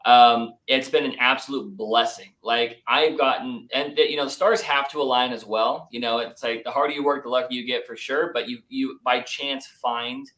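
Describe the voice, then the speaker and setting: A young man in a relaxed interview, swapping stories about business partners. He acts out quotes with lively voices. His tone stays casual and friendly. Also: medium pitch, normal speed, few pauses, rough recording. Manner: animated, acts out quotes, says "like" and "dude" often. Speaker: business founder, podcast guest.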